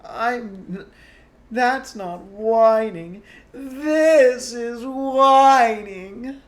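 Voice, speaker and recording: Man playing a theatrical sick wizard: high, loud, slow wailing. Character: wizard moaning dramatically while sick.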